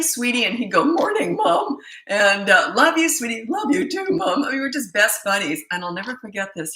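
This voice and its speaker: A chatty middle-aged woman coach answers parenting questions with casual stories and frequent laughs. Her voice is bright and forceful, sitting slightly low. The sound carries a roomy echo. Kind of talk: casual storytelling Q&A. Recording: echoey room.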